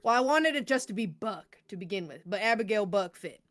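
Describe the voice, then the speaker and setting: Animated and a little fast, this woman's mid-range voice sounds fairly bright, recorded cleanly in a studio with no room sound. Co-hosting a podcast, she keeps the chat casual, laughs a lot and swears offhandedly.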